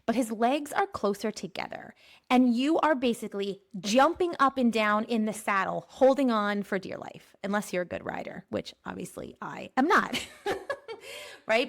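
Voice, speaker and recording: Playful woman podcaster with a high voice. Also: creaky. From Pennsylvania. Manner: playful, laughs often, stretches key phrases slowly. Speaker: podcast host. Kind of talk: spiritual energy forecast monologue.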